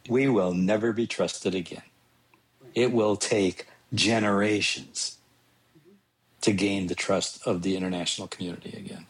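A man co-hosting a political talk show, stating opinions slowly and emphatically. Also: low-pitched, fairly even intonation, breathy edge, rough recording. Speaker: podcast co-host. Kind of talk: casual political commentary.

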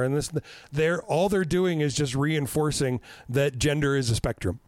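A man in his fifties with a slightly high voice tells stories on a podcast, swearing freely and laughing at his own jokes. The sound is dry and close, with no room around him. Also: moderate pace, no room sound. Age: 50s. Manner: profane, animated storytelling with self-mocking laughs. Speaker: podcast host. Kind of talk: casual podcast chat.

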